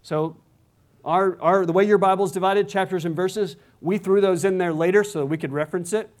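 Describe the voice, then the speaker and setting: A man's voice: high-pitched, fairly even intonation, fairly quick, a little mellow. A man preaching a sermon as pastor, talking conversationally and asking the congregation rhetorical questions.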